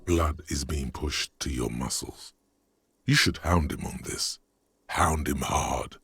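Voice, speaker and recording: A man voicing the brooding inner-voice narrator of a detective video game, deadpan and insinuating. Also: a bass voice, takes it slowly, faint music behind, exaggerated voice.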